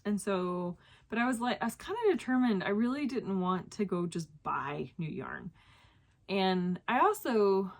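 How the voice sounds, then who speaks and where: A woman's voice: mid-range voice, expressive, a little slow, creaky. A young woman, chatting casually as the host of her own knitting show and filling her talk with ums and restarts. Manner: chatty, lots of fillers and self-corrections. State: slightly out of breath. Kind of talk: casual chat to camera.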